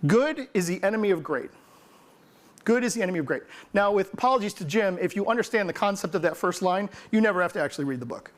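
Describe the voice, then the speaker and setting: High-voiced joking male keynote speaker. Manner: humorous, quizzes the audience, mock-quotes people. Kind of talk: energetic keynote talk to a live audience.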